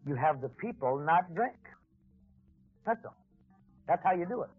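A man giving an earnest personal talk about alcoholism to an audience, deliberate with wry asides. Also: fairly high pitch, lively intonation, husky, faint music behind. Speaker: speaker at a recovery talk. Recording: tinny old phone-like recording.

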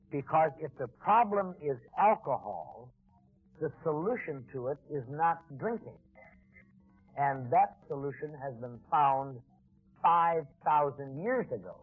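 Husky-voiced man giving an earnest recovery talk. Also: fairly high pitch, no echo. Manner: earnest, deliberate, wry asides. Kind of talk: personal recovery talk to an audience. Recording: tinny old phone-like recording.

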